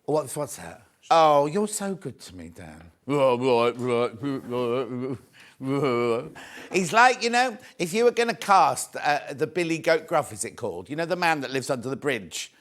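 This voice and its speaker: A man's voice: on the high side, big pitch swings, moderate pace, fairly bright tone. Chatty British TV shopping presenter, man. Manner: chatty, reads out viewer messages, calls viewers "my love". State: coughing, mild throat trouble. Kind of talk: live TV selling, chatty.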